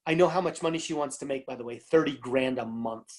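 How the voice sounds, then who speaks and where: A man's voice: medium pitch, quick pace. A man giving a casual motivational talk about network marketing, telling a story and acting out both sides of a phone call. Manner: animated, emphatic, addresses audience as guys.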